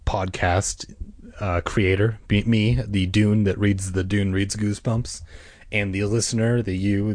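A man hosting a podcast, narrating a children's horror book with wry asides, with a husky voice. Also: on the low side, darkish tone, no echo, clean studio sound. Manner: wry asides between chapters. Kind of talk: storybook narration.

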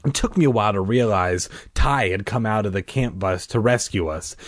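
A man reading a children's horror book aloud, dramatic, with shrieking high voices for the characters and offhand asides. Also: normal speed, dry recording. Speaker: reader.

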